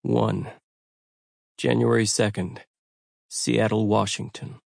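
A man narrating an audiobook in a measured, wry storytelling manner. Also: on the low side, level tone, vocal fry, a little mellow, dry recording, clean studio sound.

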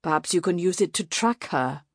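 A sly, amused male demon played by a woman narrator in a storybook reading, murmuring softly and sounding mildly curious. The voice sits a little low and close, with a dry, unreverberant sound. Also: lively intonation, moderate pace, husky, dry recording. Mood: mock helpful. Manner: soft, mildly inquisitive, murmuring.

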